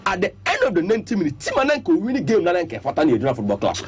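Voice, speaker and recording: A man's voice: high-pitched, racing, slightly rough. A man with a Ghanaian accent giving emphatic sports analysis on a radio show, laying out his points one by one. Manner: animated, emphatic, lists points. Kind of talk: radio sports talk, Twi-English mix. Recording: radio studio broadcast.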